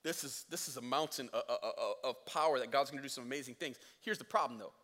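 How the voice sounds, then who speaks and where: A male pastor preaching a sermon in a conversational, energetic way, acting out scripture scenes. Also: medium pitch, quick pace. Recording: echoey church hall.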